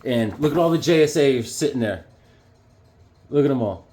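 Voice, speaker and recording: A man talking casually and excitedly, rambling through his collection with lots of fillers and restarts. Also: medium pitch, normal speed. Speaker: comic book collector reviewing issues. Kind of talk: casual show-and-tell vlog.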